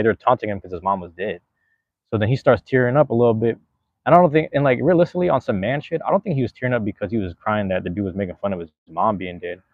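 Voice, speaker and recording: Male podcast host, laid-back and slangy, a bit low-pitched, dry close sound. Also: no echo, narrow, tinny audio. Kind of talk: casual podcast chat.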